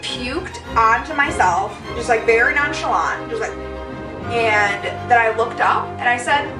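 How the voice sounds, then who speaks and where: A woman's voice: fairly high pitch, a little slow, far from the mic, music in the background. Foul-mouthed young woman in an echoey room. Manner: profane, rambling, self-mocking. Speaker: vlogger. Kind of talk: casual storytelling vlog.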